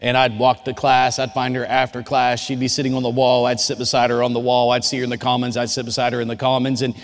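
A man preaching in a loose, storytelling way, with an average-pitched voice that rings out through a large hall. His long reverb tail makes the room sound big. He addresses the listeners directly and chats with them. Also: completely flat delivery, quick pace. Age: adult. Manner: informal, storytelling, speaks directly to the audience. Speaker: chapel speaker. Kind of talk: conversational sermon with personal story.

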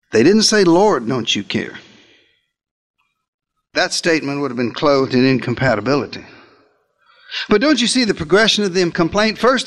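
A man preaching a sermon, dramatic, slowing down to act out the cries he quotes. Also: high voice, fairly bright tone.

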